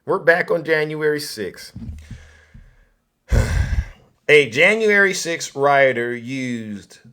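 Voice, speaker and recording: A man hosting a political commentary livestream, loud and mocking, often repeating himself. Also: fairly high pitch. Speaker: livestream host.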